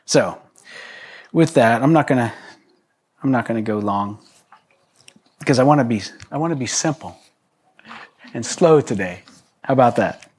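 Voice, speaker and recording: A man's voice: medium pitch, lively intonation, moderate pace, pauses often, darkish tone, husky. A man preaching to a congregation in a loose, conversational way, with joking asides and frequent restarts. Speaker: pastor. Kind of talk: conversational sermon.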